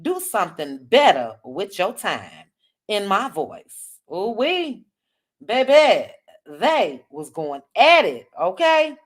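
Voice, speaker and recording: A woman from the DC hosting a casual livestream, reading viewer comments aloud with quick chatty asides. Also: mid-range voice, big pitch swings. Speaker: livestream host.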